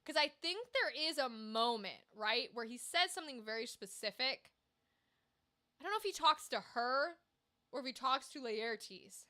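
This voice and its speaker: Woman streamer, high bright voice, casual animated rant. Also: moderate pace. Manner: animated, swearing, talks to chat. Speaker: livestream host.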